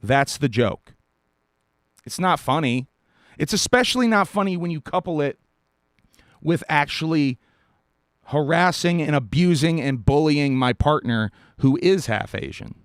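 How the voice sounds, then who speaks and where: A man from South Carolina hosts a live stream, talking bluntly and with plenty of profanity. His pitch swings widely and sits a little high, and his mouth sounds dry. The room sound is dry and close. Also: expressive, unhurried, long pauses, dry recording. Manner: blunt, profane, emphatic with short laughs. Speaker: podcast host. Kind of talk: live-stream commentary rant.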